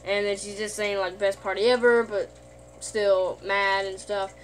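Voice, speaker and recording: Woman retelling a cartoon plot, lots of um and like, middle pitch, faint hum. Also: flat delivery, measured pace. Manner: rambling, full of "like" and "um", self-correcting. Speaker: video host.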